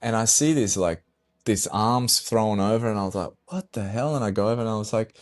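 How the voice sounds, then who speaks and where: A middle-aged man, a pro surfer guest on a podcast, telling a story in a casual, animated way, swearing and acting out his own dialogue. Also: on the low side, a little fast.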